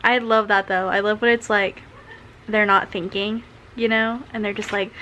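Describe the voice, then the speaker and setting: A woman's voice: medium pitch, little pitch movement, moderate pace, pushed and bright, muffled recording, a little hiss or hum. Chatty young woman vlogging from bed. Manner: chatty, lots of "like" and "um". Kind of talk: casual chat to camera. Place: in bed at home.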